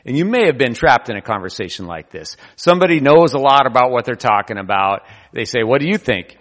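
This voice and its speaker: A male pastor delivers a sermon with lively storytelling, slipping into quoted voices. His mid-range voice rings with the long reverb of a large hall. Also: medium pitch, a little fast.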